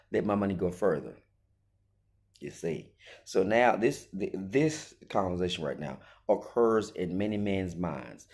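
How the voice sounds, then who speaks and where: A man's voice: deep voice, a little mellow. A man giving an emphatic opinion monologue, full of rhetorical questions and acted-out quotes. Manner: acts out quoted voices. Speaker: commentator.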